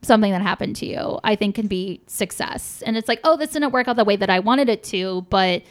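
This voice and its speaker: A woman's voice: medium pitch, fairly quick. A young woman chatting casually as a podcast guest, frank and swearing freely, with lots of fillers.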